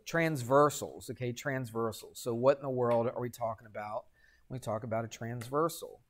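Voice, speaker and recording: This middle-aged math teacher speaks to his high school class at a normal speed, his mid-range voice steady in tone. Throughout the lecture he quizzes the students, answers his own questions, and makes joking asides.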